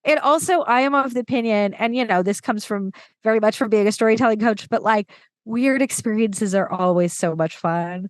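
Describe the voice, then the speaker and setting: A woman storytelling coach chatting as a podcast guest, lively and enthusiastic with quick asides. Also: on the high side, dry recording. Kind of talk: casual conversation.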